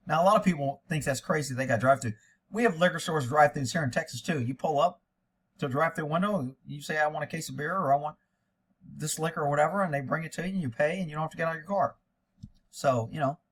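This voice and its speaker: A man with a fairly high voice reads a document aloud in a plain tone. He breaks in often with blunt, profane remarks. His comments sound sarcastic and indignant. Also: fast, husky. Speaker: online commentator. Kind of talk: reading a document aloud with reactions.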